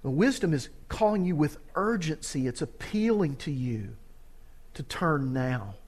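A man's voice: on the high side, big pitch swings, unhurried, darkish tone. A man preaching a sermon, reading scripture with earnest urgency.

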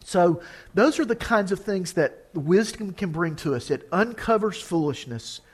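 A man's voice: high voice, expressive, unhurried, slightly rough. A man preaching a sermon, reading scripture with earnest urgency.

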